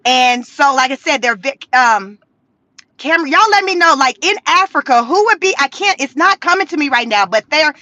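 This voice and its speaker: In a car, a woman vlogs casual stories straight to camera, animated and profane, packed with slang and laughter. Her high voice keeps a moderate pace; the recording is muffled but free of echo.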